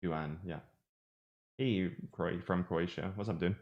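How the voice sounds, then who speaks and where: A man's voice: sits low, fairly even intonation, slow, dull audio. A man with an Irish accent giving chatty, rambling live commentary on trading charts, joking at himself as he goes. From Ireland. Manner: chatty, rambling, self-mocking. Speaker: trading streamer.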